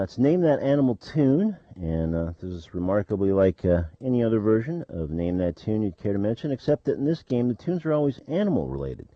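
A man hosting a college radio show, speaking in a casual, halting way with many fillers. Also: on the low side, no room sound, muffled recording.

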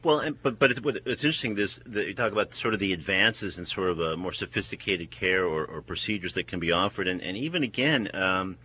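A man hosting a casual talk, speaking haltingly with frequent restarts. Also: deep voice, bright, forceful tone, breathy edge, rough recording. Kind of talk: casual discussion.

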